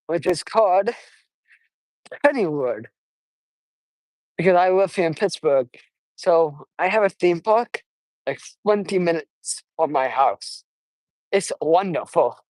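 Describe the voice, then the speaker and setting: Soft-spoken eighteen-year-old man rambling slowly. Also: a little high, expressive, no room sound, poor audio. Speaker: vlogger. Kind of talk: casual walking vlog. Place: outdoors on a suburban walk. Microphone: wireless earbuds.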